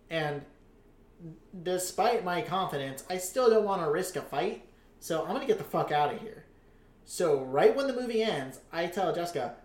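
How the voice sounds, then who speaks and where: A man co-hosting a casual podcast chat, telling a rambling story full of cursing and filler words. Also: on the high side. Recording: roomy echo.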